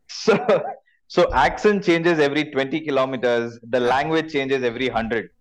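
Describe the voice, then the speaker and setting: A man's voice: medium pitch, moderate pace, low-quality recording. Guy on a video call as podcast guest, eager, says yep yep yep a lot. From India. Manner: eager, repeats words, chuckles. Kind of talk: casual remote interview.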